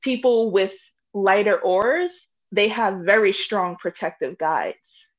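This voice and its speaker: A woman guest on a podcast, chatting casually about spiritual readings in an animated way, swearing freely and laughing often. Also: medium pitch, takes it slowly, dull audio. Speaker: podcast guest, intuitive reader.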